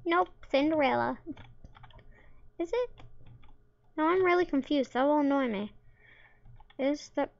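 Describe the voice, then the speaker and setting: A woman's voice: high-pitched, normal speed, vocal fry, lo-fi sound. A woman giving casual, playful gameplay commentary, throwing in silly sound effects and jokes. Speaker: gamer.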